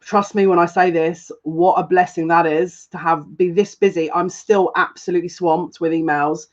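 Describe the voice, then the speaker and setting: A woman's voice: fairly low pitch, steady tone, moderate pace, lo-fi sound. A woman psychic reader chatting on a live stream, rambling casually and greeting viewers one by one by name. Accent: noticeable accent, complimented by viewers.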